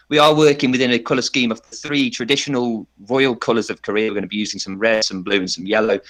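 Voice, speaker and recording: A man on a podcast giving a playful, tongue-in-cheek pitch and laughing often. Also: fairly even intonation, quick pace, few pauses, fairly bright tone. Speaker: podcast panelist. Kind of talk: mock campaign pitch.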